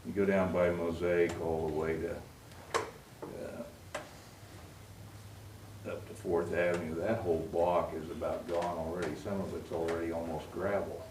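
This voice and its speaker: A man with a very low voice speaks bluntly at a council meeting, picked up from far off. The sound is roomy and carries a clear noisy hiss. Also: level tone, moderate pace, long pauses. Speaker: council member. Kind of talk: public meeting discussion. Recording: roomy far-off mic with noise.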